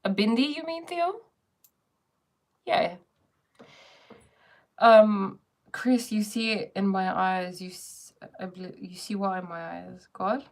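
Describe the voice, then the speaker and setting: Playful woman with a creaky voice. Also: mid-range voice, slow, long pauses, darkish tone. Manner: playful, laughs often, answers viewer comments. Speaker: spiritual teacher on a live stream. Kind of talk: casual live-stream chat.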